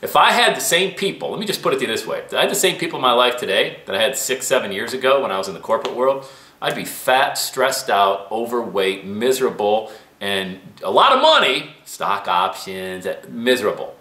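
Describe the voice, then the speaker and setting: A man delivers a fired-up motivational talk straight to camera, and his pitch leaps around as he pushes each point. His voice is bright and forward. The small studio room gives it a noticeable echo. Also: brisk. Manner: fired-up, preachy, animated. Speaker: motivational vlogger.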